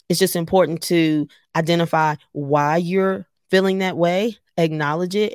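A woman's voice: sits low, a little mellow, no echo. Woman podcast host, middle-aged, chatty and candid, encouraging listeners, on the way to a game, close dry sound. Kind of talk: casual personal podcast monologue. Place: in a car on the way to a game.

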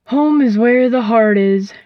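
A woman voicing a small, timid, lonely mouse who speaks in a soft, squeaky, self-doubting way, in a dull, dry recording. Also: unhurried, dry recording, lightly acted.

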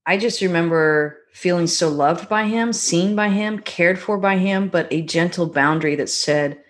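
A middle-aged woman, a guest on a talk show, telling stories about her marriage in a reflective, gentle way. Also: on the low side. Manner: warm, reflective storytelling with gentle pauses. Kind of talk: conversational podcast interview.

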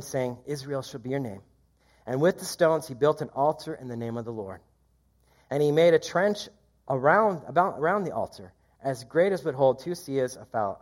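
A man preaching a sermon, reading scripture aloud and commenting in a conversational, lively way. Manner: lively, rises in pitch when quoting. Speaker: pastor.

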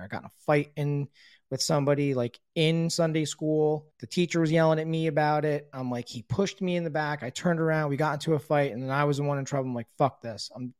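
A middle-aged man tells his story in a relaxed, conversational way, swearing freely and slipping into the voices of the people he quotes. His pitch sits in an ordinary male middle range. The sound is close and dry, with almost no room around him. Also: dry recording. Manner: blunt, swears often, acts out quoted dialogue. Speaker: podcast guest telling his recovery story. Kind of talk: casual storytelling.

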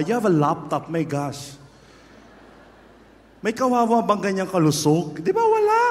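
A husky-voiced man with a Filipino accent preaching a live sermon, bantering playfully with his congregation. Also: sits high, a bit bright. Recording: echoey hall.

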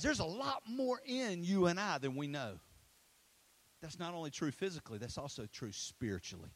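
A man preaching an energetic sermon, telling stories and chatting with the crowd, swinging from loud and animated to hushed and intimate. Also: fairly high pitch, rough recording. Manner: storytelling, conversational asides to the crowd. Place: school facility used for a church launch.

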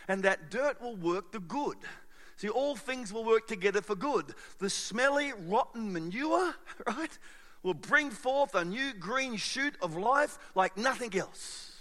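A man's voice: high-pitched, animated, normal speed, bright, forceful tone, in a large hall. A male pastor preaching a sermon to a live room, building emphasis through repetition and questions to the congregation. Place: church hall.

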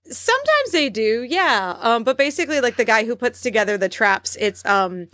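A young woman co-hosting a podcast in casual chat, animated, swearing freely and laughing often. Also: on the high side, normal speed, no room sound. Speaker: podcast co-host.

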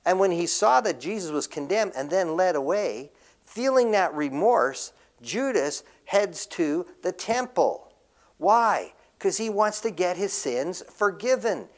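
A man preaching a sermon in a fairly high voice. He puts questions to the congregation and answers them himself, swinging from emphatic delivery to hushed, lowered lines. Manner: expository, asks the congregation questions then answers; swings from emphatic to quiet and low.

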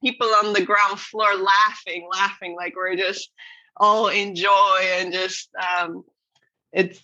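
Woman, voice teacher, bright tone, earnest and expressive, dull lo-fi recording. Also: fairly low pitch. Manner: earnest and expressive, many fillers and restarts. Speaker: guest, voice teacher. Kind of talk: conversational interview.

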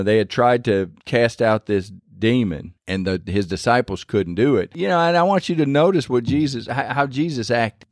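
A man delivering a sermon in a plain, mid-pitched voice, speaking earnestly and conversationally as he retells scripture. The sound is dry, with almost no room echo. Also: a little mellow. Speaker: preacher.

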